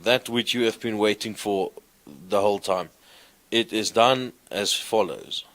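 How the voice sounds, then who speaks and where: A man teaching a class, explaining grammar slowly and reciting verb forms in a sing-song way. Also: fairly low pitch, fairly bright tone. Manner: slow, deliberate, recites conjugations in a sing-song. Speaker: lecturer. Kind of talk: classroom lecture.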